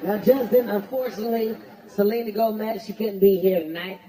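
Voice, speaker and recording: A man doing a stand-up roast, brash and profane, shouting his punchlines. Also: sits high, steady tone, a little fast. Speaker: comedian at a roast. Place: stage before a live audience. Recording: roomy venue with crowd laughter.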